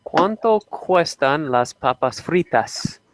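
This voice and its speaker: A man's voice: on the high side, lively intonation, slow, no room sound. A man in casual chat with friends, hesitantly trying out Spanish phrases.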